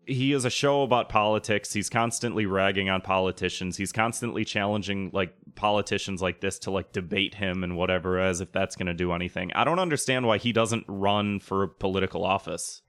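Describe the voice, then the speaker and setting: Deep rambling man, dry close mic. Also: steady tone, brisk, hardly any pauses, fairly bright tone, no room sound. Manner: rambling, heavy filler words, swears. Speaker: podcast co-host. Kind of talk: casual chat.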